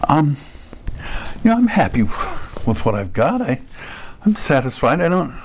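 This man, a pastor, preaches earnestly and directly with big pitch swings, a slightly slow pace, and a breathy edge. He drops to low, quiet tones before breaking into emphatic high bursts, now and then voicing imagined listeners.

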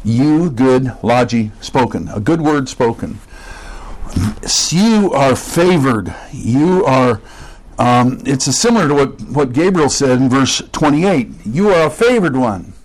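A man teaching a sermon verse by verse, explaining word meanings and pausing to repeat key points. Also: medium pitch, lively intonation, rough recording. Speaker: pastor.

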